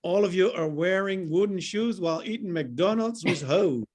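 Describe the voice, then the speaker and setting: A man's voice: sits high, normal speed, crowd noise. A man from the Netherlands with a Dutch accent doing a stand-up set over a video call, joking and laughing at his own lines. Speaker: stand-up comic.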